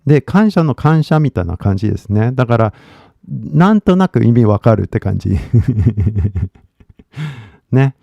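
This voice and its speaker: A man's voice: mid-range voice, expressive, moderate pace, gravelly, no echo. A man with a Californian accent giving casual livestream English coaching, blunt and rambling with swearing, on dull lo-fi stream audio.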